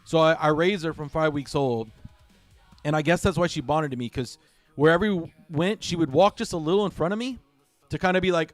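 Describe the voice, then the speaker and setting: Middle-aged man, halting heartfelt stream chat. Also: a little high, no room sound, soft background music. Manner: halting, repeats himself, heartfelt. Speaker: livestream gamer host. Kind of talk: casual livestream chat.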